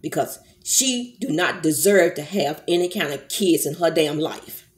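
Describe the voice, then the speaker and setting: With a deep voice and a measured pace, this middle-aged woman vlogs a furious, expletive-laced rant to camera, scolding someone while calling her viewers y'all.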